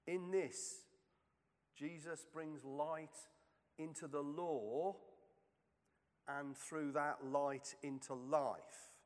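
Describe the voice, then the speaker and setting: Male preacher, unhurried and measured, long reverb behind him; sermon reading. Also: fairly high pitch, steady tone. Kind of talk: sermon reflection.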